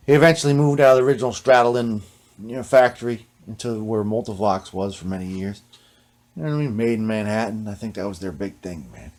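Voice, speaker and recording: Streetwise, swearing guitar-repair man. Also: fairly low pitch. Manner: streetwise, profane, keeps saying "you know what I mean". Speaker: host of a guitar repair channel. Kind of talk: casual storytelling while working on an instrument.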